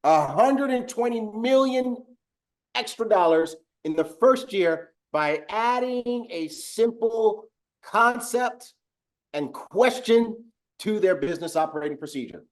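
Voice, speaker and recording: A man hosting a business training call, talking in an animated way and acting out a restaurant server to make his point. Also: high-pitched, slow. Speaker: host of a business training webinar. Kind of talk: energetic sales coaching talk with role-play.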